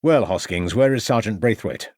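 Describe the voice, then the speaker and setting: A man's voice: on the low side, lively intonation, a little mellow, no echo, clean studio sound. A man doing a stern Victorian detective inspector. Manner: brisk, authoritative.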